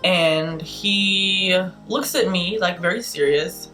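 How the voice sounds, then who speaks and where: A woman in her twenties vlogging, telling a story in an animated, exasperated, emphatic way. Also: lowish voice, slow pace, faint music behind. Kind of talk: casual storytelling vlog.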